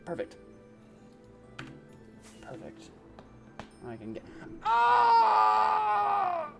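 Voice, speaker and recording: A man's voice: mid-range voice, normal speed. A young man live-streaming a game from his home desk, chatting casually and pleading in exasperation with his cat. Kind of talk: casual live-stream chat while gaming. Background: game music.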